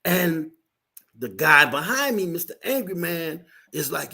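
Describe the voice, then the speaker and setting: A man co-hosting a podcast, telling a story in a lively way and acting out the people in it. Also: fairly high pitch, measured pace, creaky. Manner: lively, acts out voices in his story. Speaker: podcast co-host. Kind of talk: animated storytelling.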